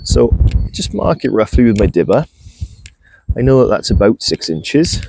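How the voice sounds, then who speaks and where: A man chatting casually while he shows his farm and garden, relaxed and self-deprecating, with a clip-on mic. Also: mid-range voice, moderate pace. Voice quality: gravelly. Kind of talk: casual walk-and-talk vlog. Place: outdoors on a farm and in a polytunnel. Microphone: clip-on mic on clothing.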